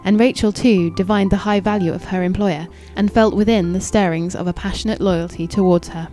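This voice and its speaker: A woman narrating a classic novel in a measured, even and formal reading. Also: mid-range voice, faint music behind. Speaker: audiobook narrator.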